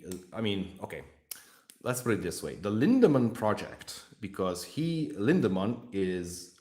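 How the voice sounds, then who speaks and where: A man from Hungary with a Hungarian accent, hosting a casual livestream chat and talking in an outspoken, rambling way. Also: lowish voice. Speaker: livestream host.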